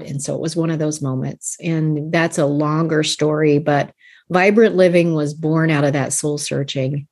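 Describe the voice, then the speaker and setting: A woman's voice: low voice, steady tone, unhurried, a little mellow. Earnest woman coach in her fifties. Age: 50s. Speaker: life coach guest. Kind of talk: casual podcast interview.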